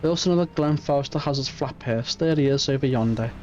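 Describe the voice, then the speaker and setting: A man's voice: medium pitch, fast, a little mellow, slight background noise, lightly acted. A man voicing a seasoned old sailor in a game reading, telling his tale matter-of-factly. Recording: muffled stream audio, faint music.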